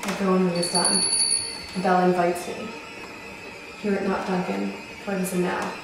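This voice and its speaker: A haunted Scottish nobleman, anxious and tormented, declaiming verse intensely, as a woman plays him. The voice rings through a very echoey room with clear music underneath. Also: fairly low pitch, flat delivery, moderate pace. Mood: brooding. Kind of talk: stage acting of verse drama.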